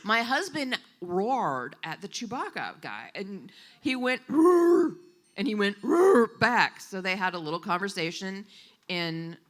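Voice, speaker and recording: A woman interpreting for a storyteller, voicing a live story at a coffee shop event in an animated, expressive way. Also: mid-range voice, measured pace.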